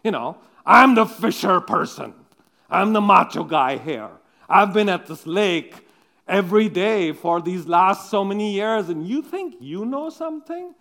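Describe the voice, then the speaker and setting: A man's voice: high voice, lively intonation, a little slow, gravelly, exaggerated voice. A man doing a brash, boastful fisherman. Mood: indignant. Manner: loud, indignant, exclaiming.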